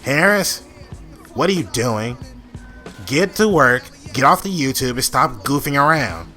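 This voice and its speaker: A man voicing a bossy middle-aged female teacher with a gruff, mannish voice, a former smoker who scolds her students. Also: medium pitch, big pitch swings, measured pace, bright, forceful tone, faint music behind. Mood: scolding.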